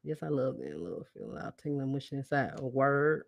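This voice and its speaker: A woman's voice: very deep voice, big pitch swings, fairly quick, vocal fry, few pauses, no room sound. Woman host preaching to her listeners. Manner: preachy, call-and-response, laughs and sighs often. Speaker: podcast host. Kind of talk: motivational podcast monologue.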